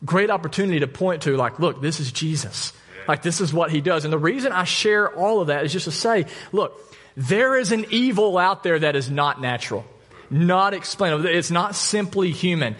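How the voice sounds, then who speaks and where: A male pastor preaching a sermon, telling a story with lively asides and jokes. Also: a little high, moderate pace. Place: church.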